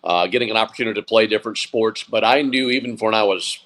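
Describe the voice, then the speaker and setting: A sports broadcaster in his forties, talking as a guest in an interview, reflective and often pausing to restart his sentences. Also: fairly low pitch, a bit bright, low-quality recording. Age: 40s. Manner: reflective, with frequent restarts and fillers. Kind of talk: interview conversation.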